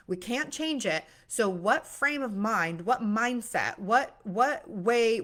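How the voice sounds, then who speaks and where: A young woman who works as a mindset coach gives a casual, earnest motivational monologue full of fillers and restarts. She acts out worried voices with sudden gasps, speaking at medium pitch with a fairly bright tone.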